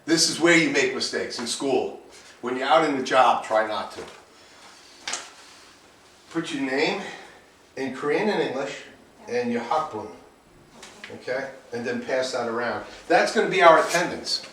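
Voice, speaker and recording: He speaks at a measured pace with medium pitch, lively intonation and a fairly bright tone, pausing often as he teaches students to cook. His classroom lecture repeats itself and restarts frequently, punctuated by occasional bold exclamations, captured on a distant mic with echo and faint hiss.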